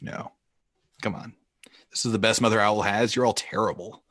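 A man's voice: lowish voice, steady tone, normal speed, a bit bright. A man voicing a brash male mutant reptile villain who mocks and boasts. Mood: taunting. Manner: boastful, mocking.

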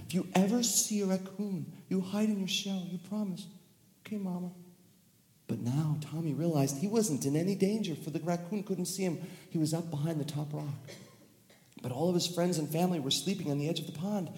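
A man telling a children's story live, playful and animated, with sound effects and laughter. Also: fairly high pitch. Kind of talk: live storytelling to a family audience. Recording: echoey hall with long reverb.

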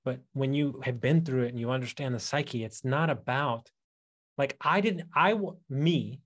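A man's voice: mid-range voice, moderate pace. A man hosting a podcast, chatting casually and retelling a personal story with lots of restarts and asides. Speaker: podcast host. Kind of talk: casual interview chat.

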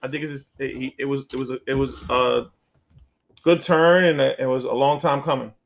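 A man co-hosting a podcast in casual chat, joking, swearing freely and quick to tease. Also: medium pitch, fairly even intonation, creaky. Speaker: podcast co-host.

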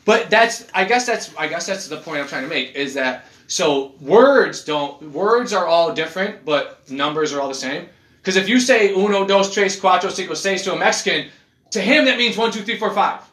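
A man in casual chat, rambling and animated, swearing as he goes. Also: sits high, moderate pace. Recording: echoey room.

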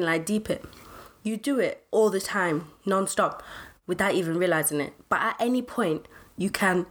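A woman's voice: lowish voice, expressive, moderate pace. A young woman, co-hosting a podcast and explaining things emphatically with slang. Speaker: podcast co-host. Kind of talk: casual podcast chat.

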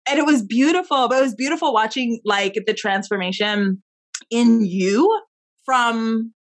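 A woman's voice: a little high, measured pace. A woman hosting a casual interview chat, enthusiastic and supportive, often restarting her sentences.

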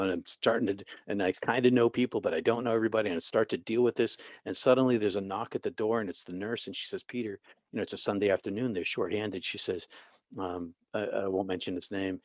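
A man, a former pastor and end-of-life counselor, telling stories as an interview guest with halting restarts. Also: fairly low pitch, dry recording, clean studio sound. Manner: halting, many restarts, vivid retelling.

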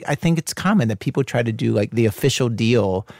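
Quick-talking man with a gravelly edge. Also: mid-range voice, animated, darkish tone, no echo, studio quality. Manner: quick, laughing, full of "like" and "you know". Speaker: radio host as guest. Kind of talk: casual interview conversation.

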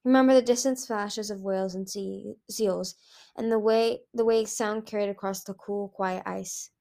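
Expressive woman reading a storybook. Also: mid-range voice, moderate pace, vocal fry. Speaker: audiobook reader.

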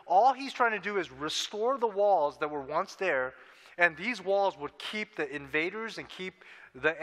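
A man's voice: high-pitched, pushed and bright. A man preaching a sermon in a conversational way, often checking in with his listeners. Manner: conversational preaching, tag questions "right?". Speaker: pastor. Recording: long reverb of a hall.

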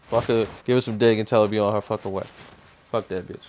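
A man's voice: on the low side, fairly even intonation, quick pace, a little mellow, a little hiss or hum. Man ranting heatedly, swearing constantly. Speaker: commentator. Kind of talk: profane opinion rant.

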